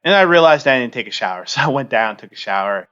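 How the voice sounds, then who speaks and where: A man's voice: mid-range voice, animated, sharp tone, clear, resonant tone, highs cut off. Earnest man telling a personal story. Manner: halting, heavy use of fillers; earnest, open. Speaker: podcast host.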